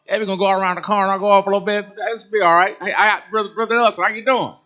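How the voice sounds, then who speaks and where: A man voicing an eager, talkative older man who chatters loudly and fast in a friendly way. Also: high voice, highs cut off, voice pushed up. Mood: eager greeting. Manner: fast, loud, excited chatter.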